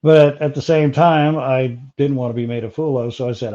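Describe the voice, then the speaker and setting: A man telling an interviewer about a personal encounter, pausing often with fillers and restarts. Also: medium pitch, steady tone, dark tone, lo-fi sound. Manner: halting, many fillers and restarts. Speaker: interview guest.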